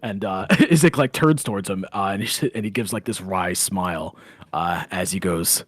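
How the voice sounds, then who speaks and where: A man narrating a tabletop game as game master, in a halting, filler-heavy way. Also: lowish voice, dry recording, soft background music.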